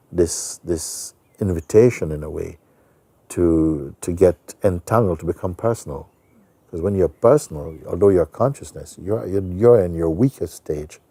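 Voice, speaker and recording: A man who is a spiritual teacher, telling a story in a soft-spoken, relaxed way with many fillers. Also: sits low, dry recording. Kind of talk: storytelling talk.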